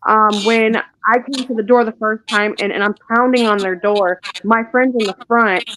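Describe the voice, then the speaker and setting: Woman guest telling her story fast, tripping over words, restarting a lot. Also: a little high, fairly even intonation, fairly bright tone, a little hiss or hum, rough recording. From Indiana. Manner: tells her story in a rush, with restarts and asides. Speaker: interview guest. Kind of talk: emotional personal account.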